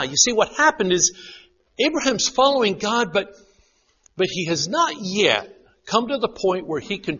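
Male preacher, sermon, high lively voice, bright husky tone, lo-fi recording. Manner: dramatic, drops to a hush for quoted lines. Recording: dull lo-fi sound.

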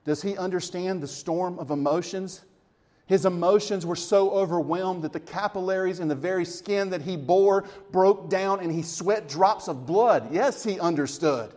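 A man preaching a sermon, swinging between lively emphasis and hushed, quiet moments, with chuckles between points. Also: high voice, moderate pace. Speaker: pastor.

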